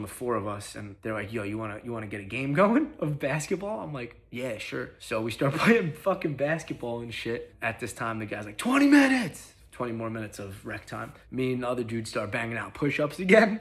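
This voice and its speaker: A young man with a somewhat low voice tells a personal story in a relaxed, streetwise way. He curses often and peppers his speech with slang. He acts out what others said in quick snatches. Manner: profane, slangy, quick retelling with acted-out quotes. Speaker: vlogger. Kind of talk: casual storytelling.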